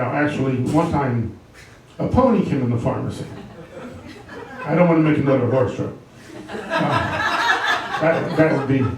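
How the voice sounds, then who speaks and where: A man doing a stand-up comedy set in a comedy club, delivering deadpan one-liners with pun punchlines. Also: on the high side, recorded from a distance. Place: live comedy club with audience. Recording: echoey club room, mic heard from afar.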